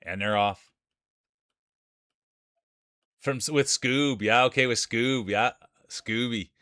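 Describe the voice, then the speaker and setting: A man's voice: mid-range voice, measured pace, sharp tone. Chatty Canadian man calling races. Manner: chatty play-by-play with frequent laughs. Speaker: streamer. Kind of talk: casual live-stream commentary.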